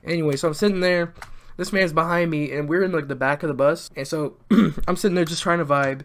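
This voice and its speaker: Teen guy rambling school stories over a game, lots of restarts, kinda high voice. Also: fairly even intonation, quick pace. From US South. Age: teens. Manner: rambling, joking, restarts a lot, mutters at the game. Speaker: YouTuber. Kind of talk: storytime commentary over gameplay.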